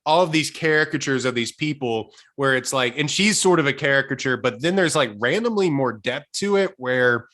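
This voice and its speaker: A man's voice: medium pitch, animated, moderate pace, few pauses, fairly bright tone. A young man co-hosting a casual podcast, telling long rambling stories and laughing often. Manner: rambling storyteller, laughs a lot. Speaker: podcast host.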